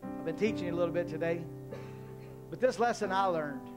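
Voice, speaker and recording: High-voiced preaching pastor, man. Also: a little fast, over music. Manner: preaching with rising, emphatic call-and-response. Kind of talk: sermon. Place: church hall.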